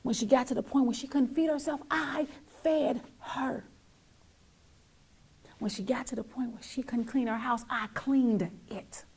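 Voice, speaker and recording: Woman, middle-aged, talk show host, raised voice, emotional, emphatic repetition, raspy. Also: sits high, fairly even intonation, unhurried. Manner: emphatic, repeats lines, swings from loud to near-whisper. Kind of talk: heartfelt monologue to viewers.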